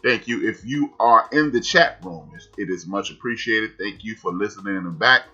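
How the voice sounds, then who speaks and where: A man in his forties hosting a sports talk podcast, emphatic and animated with shout-outs. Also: lowish voice, moderate pace. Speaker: podcast host. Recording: dull lo-fi sound, faint music.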